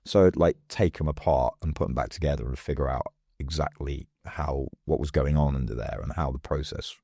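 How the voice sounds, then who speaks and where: A man with an extremely deep voice chats casually as an interview guest. He tells stories in a lively way and slips into the voices of the people he quotes. The recording is dry and close, with no room sound. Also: brisk, vocal fry, slightly rough, no echo. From England. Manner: lively storyteller who acts out quoted voices. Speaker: podcast guest.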